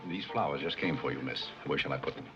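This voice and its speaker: An actor playing a dignified, reserved butler who speaks in a polite, measured, formal way in a 1930s film comedy. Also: male voice, extremely low pitch. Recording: muffled 1930s film soundtrack with music.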